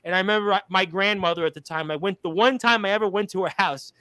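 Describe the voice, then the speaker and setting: A man's voice: high voice, quick pace, sharp tone, clear, resonant tone, dry recording. A man from Brooklyn, hosting a casual radio interview and reading out listener comments in a rambling, filler-heavy way. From Brooklyn, New York. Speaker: radio show host.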